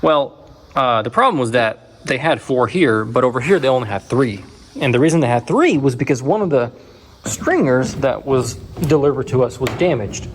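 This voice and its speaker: A man's voice: medium pitch, moderate pace. Male home builder, mid-range voice, casual rambling vlog delivery, on site in an unfinished house, faint background noise. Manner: casual, rambling, restarts, animated when retelling. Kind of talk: walkthrough vlog. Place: house under construction.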